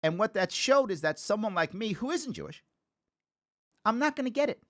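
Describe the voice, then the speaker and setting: A man in his forties, originally from the Bronx, holds forth as a talk show host in a loose, storytelling monologue. His voice sits fairly high and swings widely up and down as he restarts his phrases and thinks aloud. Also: very animated, normal speed, a bit bright. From the Bronx, New York.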